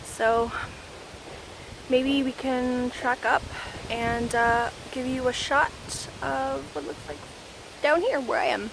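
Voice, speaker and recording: A woman's voice: high-pitched, slow, vocal fry. Breathless Canadian woman hiking in the woods. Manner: rambling, many fillers. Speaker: vlogger. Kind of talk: casual vlog chat while hiking. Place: woods outdoors. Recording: faint outdoor background noise.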